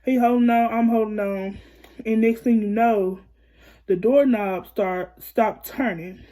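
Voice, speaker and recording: A young woman speaks fast and heated in a casual storytime vlog, cursing and quoting both sides of an old argument. Her voice sits fairly high but sounds warm and mellow rather than bright. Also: steady tone. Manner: heated, profane retelling with quoted back-and-forth.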